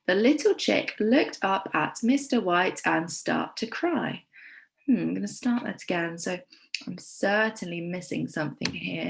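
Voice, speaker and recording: An English woman teaching a primary school lesson, with encouraging, clear teacher talk. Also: medium pitch, rough recording. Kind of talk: recorded remote lesson.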